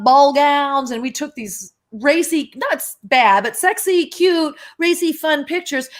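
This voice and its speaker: Chatty, animated woman in her sixties. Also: high-pitched. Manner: chatty and animated, laughs often. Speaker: guest. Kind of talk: casual live-chat interview.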